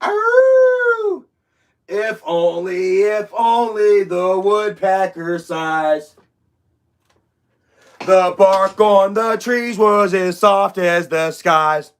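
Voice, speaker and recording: Guy hamming it up as a sappy poet, high-pitched and super slow and dramatic. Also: smooth. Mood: mock-solemn. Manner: slow, drawn-out, theatrical delivery. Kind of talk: mock-dramatic poetry recital.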